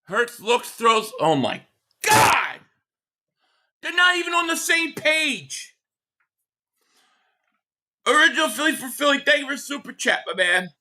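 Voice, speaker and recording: A man hosting a live game reaction stream, ranting in frustration, stammering and shouting at plays. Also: very high-pitched, sing-song, measured pace, pauses often.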